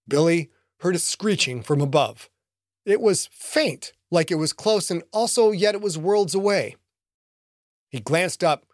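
A man narrating an action audiobook in an expressive storytelling manner. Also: on the high side, no room sound, clean studio sound.

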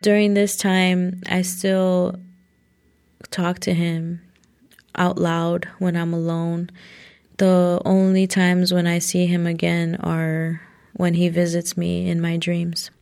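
A woman's voice: on the low side, little pitch movement, slow pace, gravelly, darkish tone, clean tone. A young woman telling a personal story in a casual way, full of "like" fillers.

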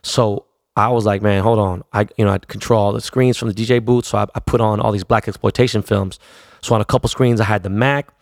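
Gravelly, profane LA storyteller man. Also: lowish voice, steady tone, quick pace, no echo, clean studio sound. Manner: profane, laid-back street slang. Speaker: DJ telling stories. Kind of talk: casual storytelling.

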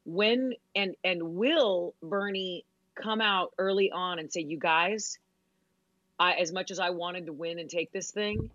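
A woman's voice: on the low side, a little slow, a bit bright, dry recording. A woman co-hosting a podcast over a remote call, speaking emphatically and listing her points one by one in casual political chat. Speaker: podcast co-host. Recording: dull, lo-fi call audio.

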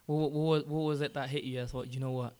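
Flat-voiced male interviewer. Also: mid-range voice, fast talker, clean tone. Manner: steady questions, constant backchannel murmurs. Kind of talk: casual interview.

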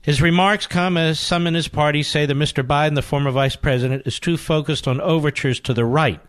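Sarcastic radio guy ranting into a studio mic, kinda high voice, dead dry sound. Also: steady tone, brisk, dry recording. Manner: combative, sarcastic, swings between loud emphasis and muttered asides. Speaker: radio talk show host. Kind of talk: talk radio monologue, reading news aloud. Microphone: studio microphone.

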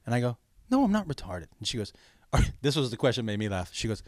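A man's voice: medium pitch, racing, no echo, clean studio sound. A man hosting a casual comedic chat, telling stories and acting out the strangers in them. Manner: animated storyteller acting out quoted strangers.

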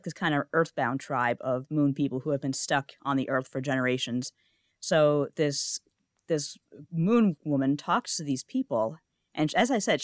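A woman's voice: low-pitched, no echo, clean studio sound. A woman guest on a podcast in casual chat, eager and talkative, telling long anecdotes with stumbles and restarts. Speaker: guest, freelance writer.

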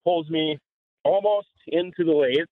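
A man's voice: fairly high pitch, no echo. Male caller, hesitant with lots of fillers, tinny phone sound, dry. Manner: halting, with many fillers. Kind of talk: casual storytelling.

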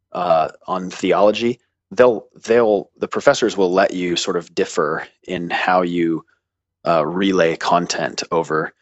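Deep-voiced man, casual, thoughtful explainer with dry humor, dull dry recording. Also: no room sound. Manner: thoughtful, hedging, with dry jokes. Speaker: guest, seminary graduate.

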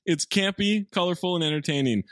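A man hosting a podcast in casual comedic chat, reading reviews aloud with an animated, mocking manner and free swearing. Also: high voice, fairly quick, no echo, studio quality.

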